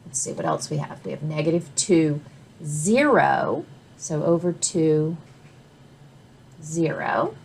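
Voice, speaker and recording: Slow, patient woman teaching math. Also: low-pitched, sing-song, husky. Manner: patient, step-by-step explaining with frequent "all right?" check-ins. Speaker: math instructor. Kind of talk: recorded math lecture.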